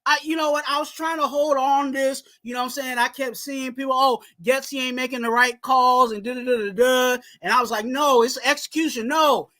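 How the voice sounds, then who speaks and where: A man co-hosting a live sports fan stream, talking in a heated rant and yelling at times. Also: very high voice, fairly even intonation, brisk, hardly any pauses. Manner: heated, ranting, yells at times. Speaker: co-host of a sports fan livestream.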